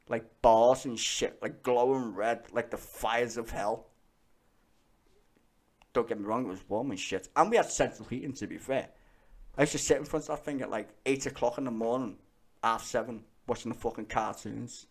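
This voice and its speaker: A man telling stories in casual chat, animated and full of swearing and laughter. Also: medium pitch.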